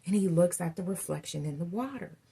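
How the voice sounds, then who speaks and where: A woman's voice: on the low side, lively intonation, brisk, gravelly, warm tone, slightly rough. A woman doing a casual tarot reading, telling stories in a chatty way and calling her viewers y'all. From Southern United States. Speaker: tarot reader.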